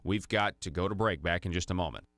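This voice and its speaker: A man hosting a talk radio show, speaking casually and haltingly with many fillers and restarts. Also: sits low, a bit bright, no room sound.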